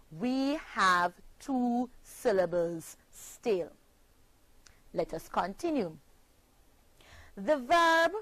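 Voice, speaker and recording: A woman teacher from Jamaica giving a scripted spelling lesson, speaking slowly and spelling words out letter by letter. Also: medium pitch, dry recording, rough recording.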